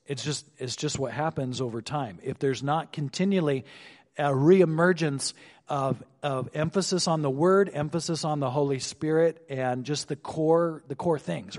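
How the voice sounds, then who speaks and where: A male pastor preaching an expository sermon, slowing down to stress points and dropping his voice on asides. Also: a little mellow. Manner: expository, slows for emphasis, drops low on asides. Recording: long hall reverb.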